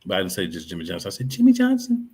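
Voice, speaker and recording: A man's voice: deep voice, steady tone, very fast, a bit bright, husky. A man co-hosting a casual wrestling podcast, blunt and dry with a sarcastic edge. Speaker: podcast co-host.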